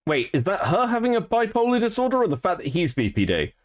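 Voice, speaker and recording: A man's voice: sits high, huge pitch swings, quick pace. A man hosting a stream, giving crude, sarcastic commentary on a clip and laughing often. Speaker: streamer host reacting to a clip. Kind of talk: casual profane stream commentary.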